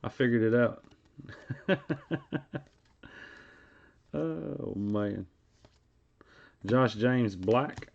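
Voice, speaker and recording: A man's voice: medium pitch, expressive, drawn-out words, vocal fry, long pauses. Card break host: man, rambling stream chat over dull lo-fi audio. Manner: rambling, reads card names aloud between stories. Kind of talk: casual live-stream chat while opening card packs.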